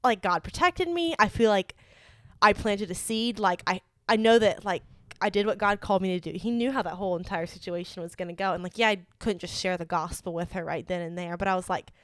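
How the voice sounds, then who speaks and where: Young woman, podcast co-host, chatty and earnest, mid-pitched, dry close sound. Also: fairly quick, no room sound. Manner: chatty, many "like" fillers, earnest. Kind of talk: casual storytelling chat.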